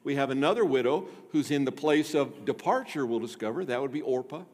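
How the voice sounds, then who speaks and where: A man preaching a sermon as pastor, lively and joking with the congregation. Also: mid-range voice, fairly quick. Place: church. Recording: long reverb of a church sanctuary.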